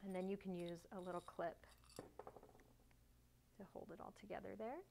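A woman's voice: lowish voice, measured pace, vocal fry, background noise. Chatty woman demonstrating sewing steps. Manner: chatty, self-mocking, bursts of excitement. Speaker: sewing tutorial host.

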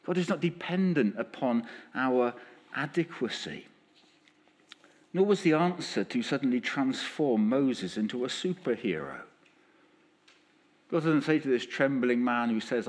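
Lively male preacher. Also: mid-range voice, a little slow. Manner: lively, with acted-out quotes. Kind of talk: sermon. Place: church.

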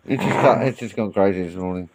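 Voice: low-pitched, quick pace, creaky. A dog owner at home, filming a pet and chatting to it in playful baby talk and mock scolding. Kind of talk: casual home video, talking to a dog. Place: home, indoors. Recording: loud background noise, dog sounds.

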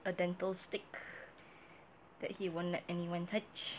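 A woman's voice: lowish voice, flat delivery, a little slow. A young woman vlogging casually at home on her phone, chatting and coaxing her dog in playful baby talk. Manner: playful sing-song baby talk to a pet. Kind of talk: casual vlog chat and talking to her dog. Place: home bathroom and bedroom, indoors. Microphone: phone camera. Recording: phone recording with clear background noise.

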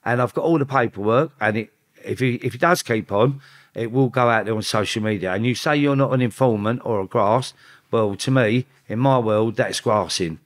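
A man, a podcast guest telling a long story in casual chat. He swears freely and acts out what others said. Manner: swearing, quotes others in rapid back-and-forth; animated, rising in pitch when quoting.

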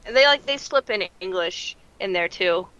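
A woman's voice: medium pitch, expressive, normal speed, bright, forceful tone, clean tone, highs cut off. A woman co-hosting a podcast, chatting casually and laughing often at herself. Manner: laughs often, self-deprecating. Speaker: podcast co-host. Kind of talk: casual chat.

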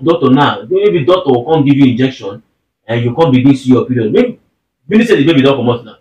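A man's voice: mid-range voice, animated, quick pace, darkish tone, muffled recording. A young Nigerian man arguing with his wife at home, insistently demanding that she explain herself plainly. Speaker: husband. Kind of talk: casual argument between spouses. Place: room at home. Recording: roomy and distant.

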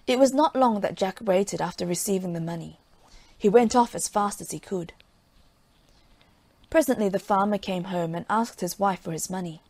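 A woman's voice: medium pitch, moderate pace, darkish tone, dry recording. Woman reading a folk tale aloud. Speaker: storyteller.

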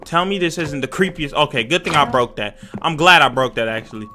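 A young man giving jumpy, excitable, slang-filled commentary while playing a horror game and talking to his viewers. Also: a little high, fairly quick, slight background noise. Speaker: gaming YouTuber.

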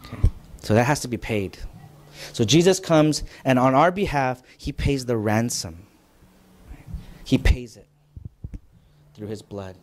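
A man preaching a conversational church lecture, mostly relaxed but rising to emphatic points. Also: mid-range voice, a little slow, long pauses. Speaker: pastor. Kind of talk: sermon lecture.

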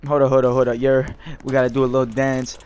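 A young man doing loud, trash-talking commentary over game voice chat, laughing a lot. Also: medium pitch, monotone, quick pace, a little hiss or hum. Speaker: gaming streamer.

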